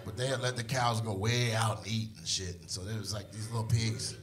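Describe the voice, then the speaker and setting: A man in his thirties performing stand-up on stage, telling a story in an animated way that swings from hushed to shouting. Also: lowish voice, fairly quick, noisy background. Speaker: stand-up comedian. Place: comedy stage before a live audience.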